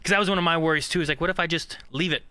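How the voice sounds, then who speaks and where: A man's voice: fairly high pitch, very fast, bright, forceful tone, smooth, no room sound. A man co-hosting a podcast in casual chat, rambling with many fillers and restarts. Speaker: podcast co-host.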